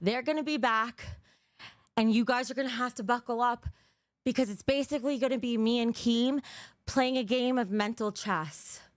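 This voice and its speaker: A woman's voice: on the high side, normal speed, no echo, studio quality. A young woman streaming live, talking bluntly and cursing as she reads out viewer donations, a little out of breath. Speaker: livestreamer. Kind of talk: casual livestream chat.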